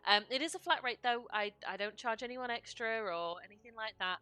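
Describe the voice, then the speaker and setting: A woman's voice: on the high side, a little fast, sharp tone, clean tone. A woman voicing a kindly, flustered female cook who soothes everyone and calls them dear. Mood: reassuring.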